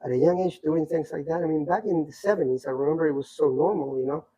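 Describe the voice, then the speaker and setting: Husky older man telling stories. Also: a little high, fast, poor audio. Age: 60s. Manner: rambling, animated anecdotes with many asides. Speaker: podcast guest storyteller. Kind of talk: casual storytelling.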